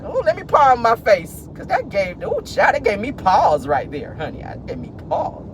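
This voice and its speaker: A man hosting a casual celebrity gossip vlog from his car, talking with animated, laughing, playful sass. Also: very high-pitched, moderate pace, few pauses, a little hiss or hum. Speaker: host.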